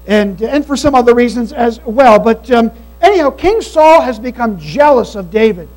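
High-voiced man preaching a sermon. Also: lively intonation, normal speed, a little mellow, faint music behind, low-quality recording. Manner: earnest, emphatic preaching with repeated phrases. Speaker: pastor. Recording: mains hum behind the voice.

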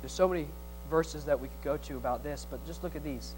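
Man, pastor, sermon, loud-to-hushed swings, teasing, call-and-response. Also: on the high side, quick pace, over music, poor audio. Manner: playful, teasing humor.

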